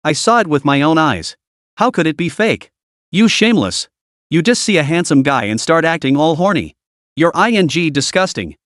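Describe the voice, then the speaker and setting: A man's voice: a little high, sing-song, moderate pace, fairly bright tone, no room sound, studio quality. A man voicing an arrogant middle-aged woman driver who screams insults. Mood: angry. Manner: screeching, insulting.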